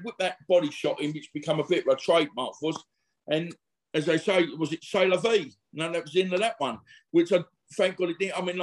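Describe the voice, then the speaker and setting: A middle-aged man, a former boxer telling rambling, slangy stories in a casual interview. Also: on the high side. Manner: chatty, rambling, laddish slang with frequent fillers.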